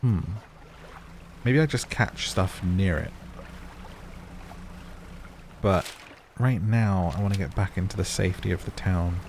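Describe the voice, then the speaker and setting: Gravelly man chatting over game. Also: sits low, moderate pace, a little hiss or hum. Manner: chatty, talks to viewers, startled outbursts. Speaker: gaming channel host. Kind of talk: casual game commentary. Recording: game sounds loud behind voice.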